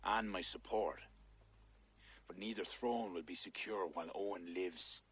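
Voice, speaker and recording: An actor playing a stern, proud king who speaks in a grave, measured way in a video game. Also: sits low, fairly bright tone, slightly rough, full character voice. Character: stern older male king, gruff and proud.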